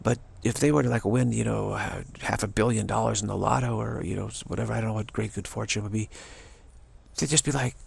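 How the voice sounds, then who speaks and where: Male spiritual teacher, low, heavily gravelly voice, loose rambling delivery. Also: fairly quick. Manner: loose, rambling, repeats phrases for emphasis. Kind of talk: informal spiritual teaching talk.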